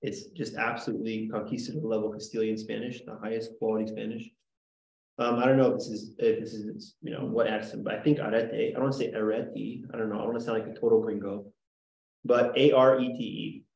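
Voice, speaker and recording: A man's voice: fairly low pitch, fairly even intonation, fast, vocal fry, darkish tone. Chatty male teacher, echoey classroom. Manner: chatty, jokey, lots of "right?" and "like". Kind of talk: classroom lecture.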